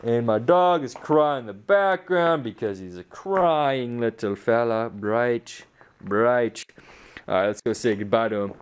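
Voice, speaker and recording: A teenage boy vlogs casually at home in an ordinary middle-pitched voice, unhurried and worn out after a hard sports practice. He rambles loosely, full of fillers and restarts, and keeps poking fun at himself.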